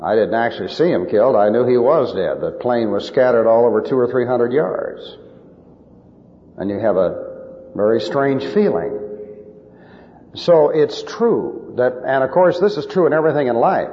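A man's voice: medium pitch, animated, normal speed, big-room sound, highs cut off. A male preacher giving emphatic, lecture-style Bible teaching with numbered points.

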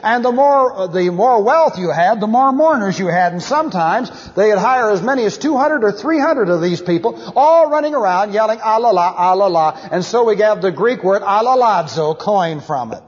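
An animated man delivering a Bible study sermon in a high, lively voice. He acts out sounds and wails as he teaches. The recording is dull and lo-fi, with long hall reverb. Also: normal speed, hardly any pauses.

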